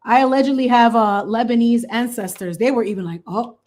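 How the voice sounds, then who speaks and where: A woman in her thirties hosting a craft channel, chatting casually in a sassy, animated way with slangy asides and frequent laughs. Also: fairly high pitch, a little fast.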